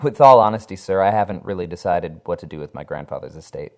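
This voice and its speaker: A man voicing a frightened young office worker who pleads in shrill panic. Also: animated, fast. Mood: panicked.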